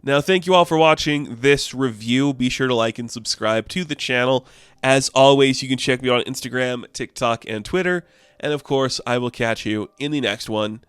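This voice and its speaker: Excitable male comic reviewer, casual and chatty, resonant voice, dead-dry booth. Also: medium pitch, moderate pace, clean tone, no room sound, faint music behind. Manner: chatty, filler-heavy, excitable.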